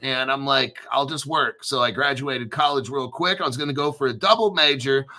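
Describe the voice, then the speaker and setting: Crude, profane male host in his 50s, rants fast and loose with a sharp, very bright tone. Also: mid-range voice. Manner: crude, foul-mouthed, ranting. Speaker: crypto channel host. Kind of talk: profane livestream rant.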